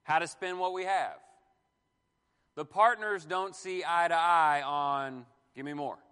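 A man in his forties teaching a Bible class on marriage, animated, asking the room questions and joking. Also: a little high, a little slow, smooth, long reverb tail. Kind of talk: sermon-style Bible teaching.

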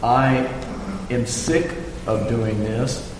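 A man in a Bible study group speaking slowly and deliberately, pausing between phrases. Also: medium pitch, fairly even intonation. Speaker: class member. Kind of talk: group discussion. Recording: very echoey hall with faint noise.

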